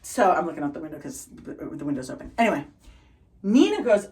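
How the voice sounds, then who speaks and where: In a conversation where she's the guest, a middle-aged Bostonian with the local accent tells lively stories, brimming with energy and nonstop positivity. She has a lowish voice, speaks a little fast, and sits far from the mic in poor-quality audio.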